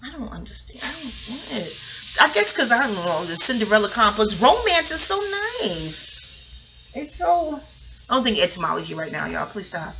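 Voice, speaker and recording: Sassy, animated middle-aged New woman. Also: medium pitch, brisk, gravelly, background noise. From New York. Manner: profane, digressive, sassy. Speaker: TV recap vlogger. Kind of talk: casual rambling monologue.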